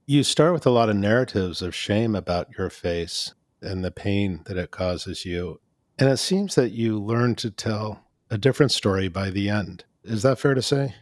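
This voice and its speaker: A man interviewing a guest, asking calm, appreciative, unhurried questions. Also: fairly low pitch, no echo, clean studio sound.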